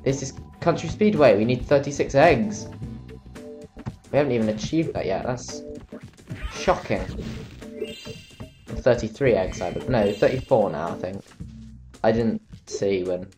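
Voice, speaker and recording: A man's voice: medium pitch, measured pace, pauses often, over music. Tired young man rambling over gameplay. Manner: rambling, chatty, self-mocking. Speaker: let's play commentator. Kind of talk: casual gameplay commentary.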